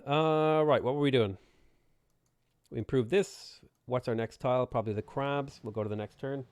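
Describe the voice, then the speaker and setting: A man with a sore throat, chatting in a relaxed way as he streams a strategy game, reads chat aloud and mutters his moves. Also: medium pitch, normal speed, smooth, dry recording, clean studio sound. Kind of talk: live gameplay commentary, reading chat.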